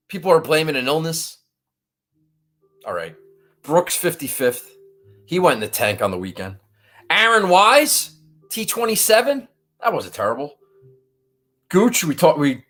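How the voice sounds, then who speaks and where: A podcast host telling a casual golf betting story in an exasperated, animated way, swearing often and restarting sentences. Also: medium pitch. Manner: animated, frequent restarts and rising outbursts.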